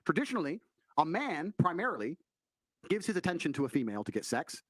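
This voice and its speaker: A man's voice: on the high side, sing-song, fast, dry recording. A man giving brash, profane opinions as a podcast guest. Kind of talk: blunt opinion talk.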